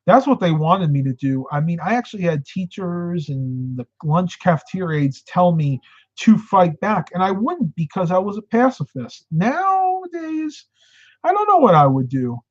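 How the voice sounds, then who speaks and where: Middle-aged man, live-stream host, chatty storyteller, fairly high voice, dull dry recording. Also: big pitch swings, normal speed, no echo. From upstate New York, United States. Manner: chatty, tells stories and answers viewer comments. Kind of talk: casual live-stream chat.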